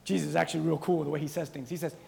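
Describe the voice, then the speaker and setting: A man preaching a sermon to his church, animated and joking, shouting words for emphasis. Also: fairly high pitch, racing, vocal fry, a little hiss or hum. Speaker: pastor. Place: church sanctuary. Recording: long reverb of a church hall.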